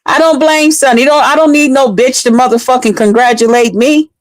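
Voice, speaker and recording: Woman streamer, high-ish voice, close dry mic; mocking, profane, heated rant. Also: steady tone, brisk, no room sound. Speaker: live streamer. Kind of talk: profane ranting live stream.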